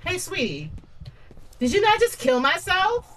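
A woman's voice: extremely high pitch, huge pitch swings, measured pace, a bit bright. A woman giving casual, chatty commentary while streaming a horror shooter, talking back to the game and her friends.

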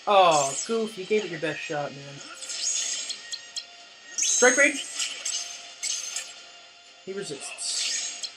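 A woman giving gameplay commentary as a let's play host, getting excitable, cursing and yelling at the game. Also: fairly low pitch, slow, long pauses, poor audio. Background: game music.

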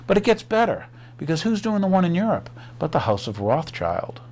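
A male host delivers a news commentary monologue, sarcastic and full of rhetorical questions. His voice sits slightly high and swings lively in pitch. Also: fairly quick.

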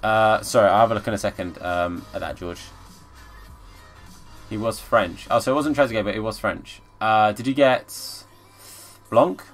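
Chatty streamer, game commentary. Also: male voice, on the low side, moderate pace, pauses often. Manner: chatty, bursts into excited shouts at the play. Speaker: gaming streamer. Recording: faint background music.

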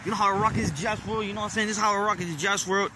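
A young man vlogging on a phone outdoors at a bus stop, boastful and profane in a loud, swaggering way. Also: high voice, steady tone, very fast. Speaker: vlogger and rapper. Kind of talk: casual street vlog, partly rapped. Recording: outdoor phone recording with traffic noise. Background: street traffic.

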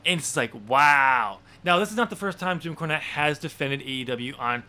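Male podcast co-host, a touch higher than typical, bright, forceful tone; casual rambling delivery full of ums and restarts. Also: lively intonation, fast talker. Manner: rambling, lots of fillers and restarts. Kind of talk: casual wrestling chat.

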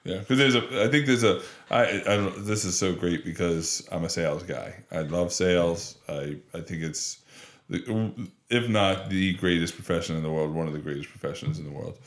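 Male podcast host, low voice, eager and agreeable, echoey room. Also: moderate pace. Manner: enthusiastic, agreeing, with frequent restarts. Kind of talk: casual interview chat.

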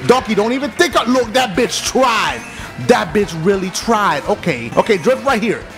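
A man giving loud, excited let's-play commentary, full of profane trash talk and yelling. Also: high-pitched, normal speed. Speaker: gaming commentator. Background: game music.

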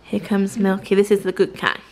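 A woman's voice: medium pitch, flat delivery, a little fast, darkish tone, slight background noise, rough recording. A woman chatting casually in her vlog, rambling and poking fun at herself. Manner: chatty, rambling, self-deprecating. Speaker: vlogger.

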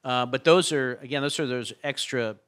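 A man on a faculty panel answering audience questions, pausing and searching for his words. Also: medium pitch, fairly bright tone, clear, resonant tone. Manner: halting, searches for words mid-sentence. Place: lecture room at an institute.

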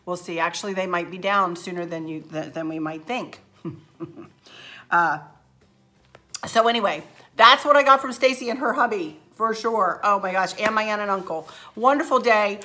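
A woman's voice: medium pitch, normal speed, sharp tone. A woman hosting a craft channel, chatting effusively and emotionally to a handheld camera at home, her throat a little scratchy. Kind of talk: casual chat to camera.

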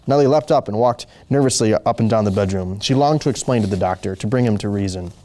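A man reading a short story aloud as host, slow and deliberate with occasional small slips. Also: on the low side, warm tone. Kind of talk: measured story narration.

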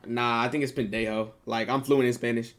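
A man's voice: medium pitch, steady tone, fairly quick. A man streaming on a video chat app, chatting in a joking, slangy, profane way. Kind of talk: casual chat.

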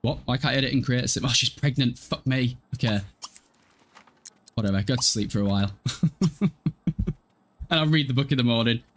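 A man's voice: medium pitch, brisk, pauses often, fairly bright tone. A man in his twenties casually commentating a life-sim game live, chatty, swearing freely and answering chat. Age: 20s. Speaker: game streamer.

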